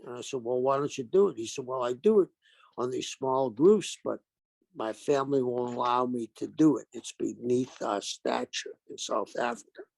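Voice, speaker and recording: An older man with a gravelly, fry-edged voice tells his stories with animation, acting out what people said in each exchange. His voice sits at a middling pitch and sounds dry and close, with no room around it. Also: moderate pace, no room sound. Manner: animated anecdotes with acted-out quotes. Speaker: guest, retired pro wrestler. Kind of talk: storytelling interview.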